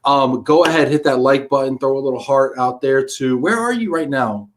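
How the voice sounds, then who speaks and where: A man's voice: mid-range voice, animated, normal speed, slight background noise. A man hosting a live-streamed talk show, chatting casually and energetically on a video call, tossing in slang like "buddy" and "man".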